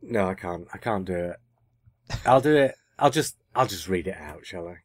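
A man's voice: sits low, animated, normal speed, dry recording. A man co-hosting a podcast, chatting casually and often correcting himself mid-sentence. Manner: chatty, self-correcting, teasing. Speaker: podcast co-host. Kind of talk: casual chat.

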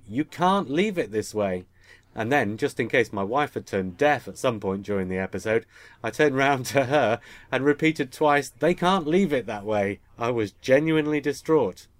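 A man's voice: medium pitch, no echo. A man hosting a podcast, joking with his co-hosts and reading listener emails aloud. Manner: jokey, bantering. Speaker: podcast host.

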